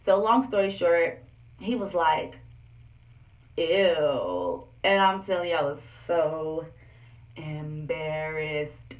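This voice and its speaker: A woman's voice: low voice, slow, recorded from a distance. Candid young woman vlogging in an echoey room. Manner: animated, candid, talks straight to viewers. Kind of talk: personal storytelling vlog. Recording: echoey room, voice set back from the mic.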